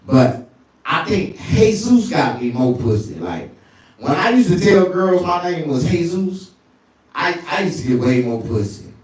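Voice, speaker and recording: A male stand-up comedian telling crude stories, often jumping into falsetto. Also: very animated, measured pace, heavy reverb, distant mic. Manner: crude, storytelling, swings into falsetto.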